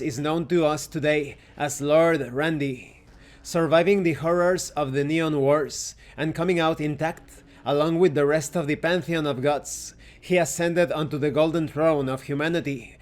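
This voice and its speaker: A man hosting a tabletop game review channel, reading lore aloud in an earnest storytelling way and then thanking his viewers. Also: on the high side. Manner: stops to correct his own pronunciation.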